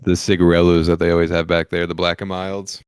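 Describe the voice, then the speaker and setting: A man's voice: low voice, little pitch movement, a little fast, smooth, no echo, studio quality. A young man co-hosting a comedy podcast, telling laid-back stories filled with "like". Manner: laid-back storytelling with frequent "like" and laughter-prone asides. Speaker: podcast co-host. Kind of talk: casual comedic chat.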